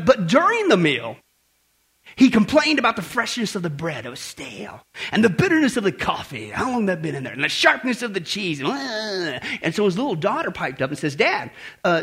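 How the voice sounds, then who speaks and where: A man's voice: high-pitched, pushed and bright, slightly rough. A man preaching a sermon as pastor, asking the congregation rhetorical questions and telling a story.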